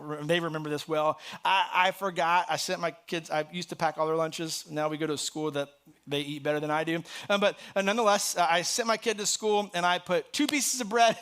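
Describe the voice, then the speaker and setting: A middle-aged man with a notably high voice delivers a casual, conversational sermon. He talks to the congregation like friends, then lifts into bright, emphatic bursts on scripture. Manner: conversational and animated, rising sharply on scripture. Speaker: pastor. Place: church sanctuary.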